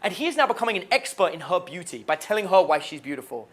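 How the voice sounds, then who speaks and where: A young man coaching on dating, talking in an animated way and acting out the lines he suggests. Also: high-pitched, fast talker. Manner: animated, acts out quoted lines. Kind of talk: dating advice talk.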